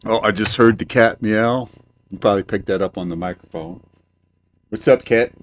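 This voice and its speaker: Older male home-show host, lowish pitch; profane, rambling monologue with frequent stalls. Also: a little fast. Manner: profane, rambling, hesitant with many fillers. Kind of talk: ranting monologue. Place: home, indoors. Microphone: desk microphone.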